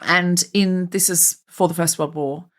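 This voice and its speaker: A woman's voice: lowish voice, fairly even intonation, normal speed. A woman with a mild Australian accent, hosting a podcast over a video call, chatty and reflective with self-deprecating asides. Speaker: podcast host. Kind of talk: casual comedic chat.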